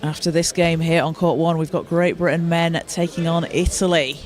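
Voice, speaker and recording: A male play-by-play commentator calls a basketball game live from courtside. His voice sits high for a man, and his delivery is steady and informative. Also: moderate pace. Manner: steady, informative, with occasional restarts.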